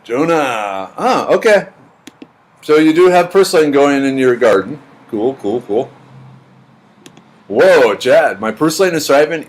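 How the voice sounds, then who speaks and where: A middle-aged man hosting a livestream, chatting casually and answering viewers' comments in a rambling, repetitive way. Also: medium pitch. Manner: chatty, rambling, repeats words. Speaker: livestream host reading chat. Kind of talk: casual chat.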